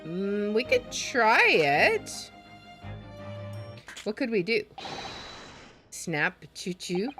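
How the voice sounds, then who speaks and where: A woman's voice: mid-range voice, huge pitch swings, drawn-out words, long pauses, music in the background. A woman hosting a let's play, chatting expressively as she plays a game. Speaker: gaming streamer.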